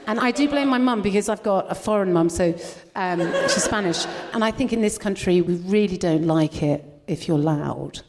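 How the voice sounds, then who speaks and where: A woman's voice: mid-range voice, normal speed, few pauses. A woman guest comedian chatting on a live comedy podcast, brash and self-mocking. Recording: noisy live recording.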